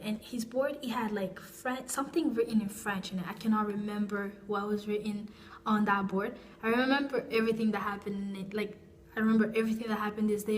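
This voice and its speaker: A woman's voice: medium pitch, a little hiss or hum. A young woman vlogger telling a personal story in a casual, rambling way, with frequent restarts and asides.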